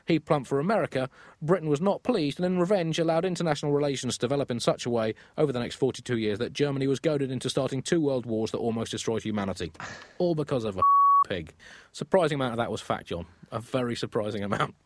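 A man's voice: mid-range voice, fast, dry recording. A man hosting a comedy podcast, telling a story with theatrical, gleeful delivery. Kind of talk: comic storytelling.

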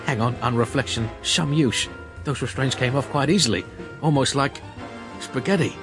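A man voicing an exasperated hard-boiled male private eye in a comic story reading, shouting in hysterical outrage. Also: mid-range voice, normal speed, over music, lightly acted. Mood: greedy relish.

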